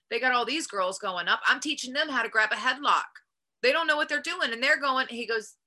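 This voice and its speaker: Bright-voiced woman telling stories animatedly. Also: on the high side, fast. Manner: animated, frequent "like", acts out her past self. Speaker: wrestler and guest. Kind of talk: casual interview storytelling.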